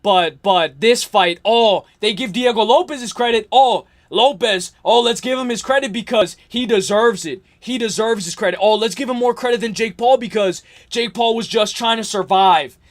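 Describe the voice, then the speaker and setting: A young man hosting a livestream, ranting hard about fights, repeating himself, swearing and yelling at times. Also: high voice, normal speed, hardly any pauses. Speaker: livestream host. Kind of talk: heated livestream rant.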